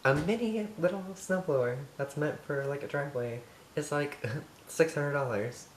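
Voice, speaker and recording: A man's voice: a little high, moderate pace. A teenage guy from Montana chatting through a casual home baking vlog, sassy, campy and full of swearing. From Montana, USA. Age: teens. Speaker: vlogger. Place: home kitchen. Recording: echoey room with background noise.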